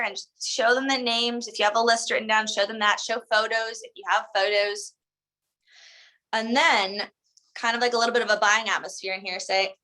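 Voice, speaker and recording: A woman's voice: a little high, fairly even intonation, moderate pace, pushed and bright, rough recording. A woman coaching a sales team in a casual, chatty way, full of "like" and "um", acting out the lines they should say. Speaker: sales trainer. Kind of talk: casual instructional talk.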